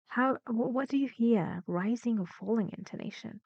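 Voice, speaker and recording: A woman teaching English pronunciation, talking slowly and deliberately and drawing out words to model rising and falling pitch. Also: creaky, no echo. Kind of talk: pronunciation lesson. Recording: slightly dull lo-fi dry sound.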